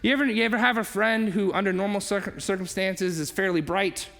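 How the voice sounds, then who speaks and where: A man preaching a sermon as a pastor, animated and conversational, acting out quoted voices and asking the congregation questions. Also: sits high, brisk, vocal fry. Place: church hall. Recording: long reverb of a large hall.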